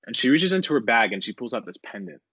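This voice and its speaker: A young man talking as a podcast guest, telling a rambling, animated story full of swearing and filler words. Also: medium pitch, quick pace, slightly rough, dry recording. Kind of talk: casual storytelling interview. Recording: dull, dry lo-fi recording.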